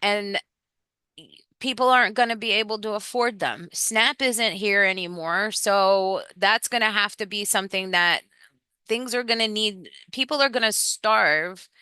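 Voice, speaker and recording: A woman's voice: mid-range voice, measured pace, pushed and bright, clean tone, no room sound. A woman guest in a casual political chat, earnest and repeating her points for emphasis. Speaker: podcast guest.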